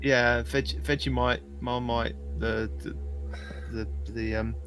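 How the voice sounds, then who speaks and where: A man's voice: mid-range voice, flat delivery, slow pace, fairly bright tone, soft background music. A man co-hosting a casual gaming podcast, easygoing and rambling, often restarting his sentences. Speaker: podcast co-host.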